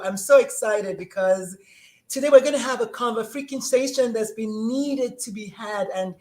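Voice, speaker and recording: Bubbly, rambling woman podcast host. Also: mid-range voice. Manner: bubbly and effusive, rambling with restarts. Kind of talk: casual live-stream chat.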